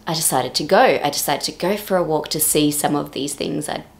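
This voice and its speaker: A woman in her thirties with a slightly low voice narrates a casual vlog. She talks in a chatty, easygoing way and tosses in playful little jokes as she goes. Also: brisk, gravelly. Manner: chatty, with playful joking asides. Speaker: vlogger.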